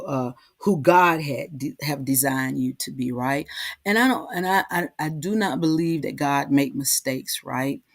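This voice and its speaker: A woman hosting a heartfelt, casual talk, halting and repeating herself, often asking "right?". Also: rumbling low, darkish tone, dry recording, studio quality. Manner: halting, repeats words, frequent "right?" tags. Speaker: host.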